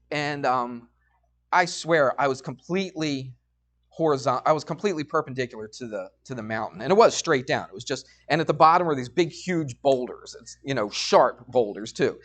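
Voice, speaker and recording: A man's voice: a little high, a bit bright. A middle-aged man teaching a college math class, telling a personal story in a chatty way and often checking in with students. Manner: chatty, storytelling, asks frequent check-in questions.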